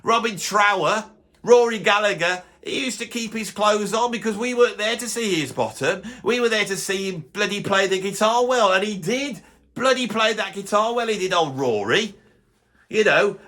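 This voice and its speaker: A man's voice: high-pitched, sharp tone. A middle-aged man playing a bitter, grumpy music snob in a blustering comic rant, grumbling and stumbling over his restarts. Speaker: YouTuber doing a comic character.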